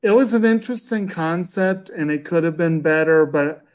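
A man in his thirties co-hosting a casual movie podcast, relaxed and agreeable, thinking aloud. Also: a little high, normal speed. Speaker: podcast co-host.

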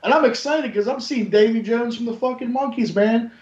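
A man telling stories in casual radio chat as a co-host, profane and excitable. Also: very high-pitched, brisk. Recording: roomy, dull lo-fi sound.

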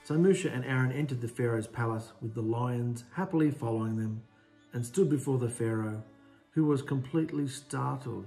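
A man's voice: medium pitch, moderate pace, vocal fry, soft background music. Man retelling scripture with casual asides. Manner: lively, casual asides to listeners. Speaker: storyteller.

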